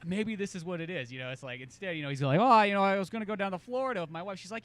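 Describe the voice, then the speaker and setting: A podcast co-host chats casually, telling animated stories and acting out every line he quotes. His high voice races along with hardly any pauses, and there's no room sound.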